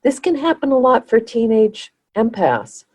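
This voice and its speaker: A woman co-hosting a podcast, talking in an earnest way and often pausing to find her words. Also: on the high side, very animated, a little mellow, rough recording. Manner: earnest, restarts and searches for words. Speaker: podcast co-host. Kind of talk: conversational podcast chat.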